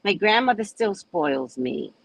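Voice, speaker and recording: This host is an older woman from New Orleans whose accent comes through as she chats easily with live viewers, spinning lively stories with plenty of vocal swings. She speaks at medium pitch and an unhurried pace. Audio quality is poor.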